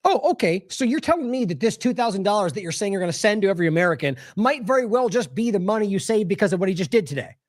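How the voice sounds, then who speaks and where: Male news-commentary host, fairly high and animated voice, sarcastic, close dry mic. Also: racing, hardly any pauses, no room sound. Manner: exasperated, sarcastic, scoffing laughs. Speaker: independent news show host. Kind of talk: casual commentary on played clips.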